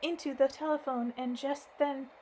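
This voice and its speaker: A woman's voice: sits high, steady tone, moderate pace, a little mellow, slight background noise, natural voice, low-quality recording. A woman voicing a sturdy village housekeeper in her forties, telling her worries in folksy rustic speech. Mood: worried, folksy.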